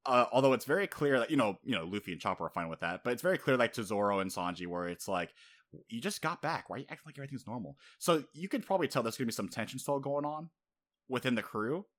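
A young man co-hosting a podcast who recaps a story in casual, animated chat, swearing freely and acting out character lines. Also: mid-range voice, quick pace. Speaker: podcast co-host.

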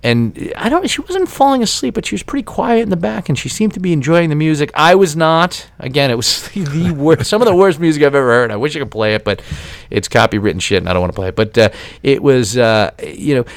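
A man's voice: mid-range voice, expressive, a little fast, no room sound. A man hosting a podcast, telling a rambling, profane story with many restarts. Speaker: podcast host. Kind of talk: storytelling monologue.

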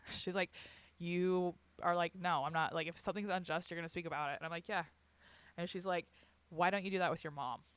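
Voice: mid-range voice, steady tone, a little fast, fairly bright tone, dry recording. A young adult telling a personal story in casual chat, candid and profane, laughing often and quoting others. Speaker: guest recounting a hospital stay.

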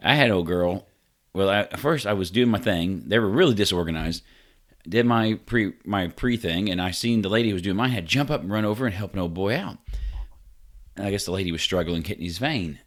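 A man's voice: low-pitched, lively intonation, brisk. A man co-hosting a podcast, telling a story in a rambling, casual way with slang, cursing and laughter. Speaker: podcast co-host.

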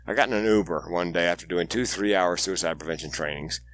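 Man, podcast guest, candid storyteller, dry humor, lowish bright voice. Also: quick pace, no echo. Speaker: guest, suicide prevention speaker. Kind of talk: podcast interview.

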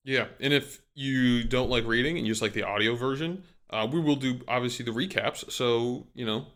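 A man co-hosts a casual sports podcast, chatting in a rambling, self-deprecating way with many fillers. His voice is medium-pitched and fairly bright, at a normal speed.

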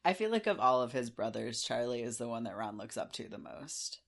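Quick sarcastic man podcasting. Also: mid-range voice, gravelly. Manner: quick, animated, sarcastic, swears casually. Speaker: podcast co-host. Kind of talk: casual podcast chat about a book.

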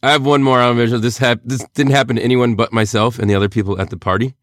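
A man co-hosting a casual sports podcast, relaxed and agreeable with dry remarks. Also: mid-range voice, racing, no room sound.

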